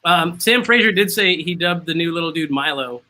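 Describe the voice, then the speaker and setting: A man's voice: a little high, lively intonation, moderate pace, sharp tone, low-quality recording. A man hosting a casual chat over drinks, laughing often and making fun of himself. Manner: laughs often, self-mocking.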